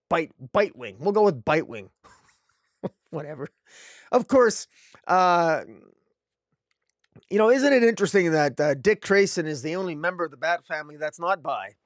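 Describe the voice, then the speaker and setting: A man's voice: fairly high pitch, no room sound, studio quality. A man reviewing comic books alone, rambling with many fillers and restarts. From Canada. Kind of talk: casual solo review.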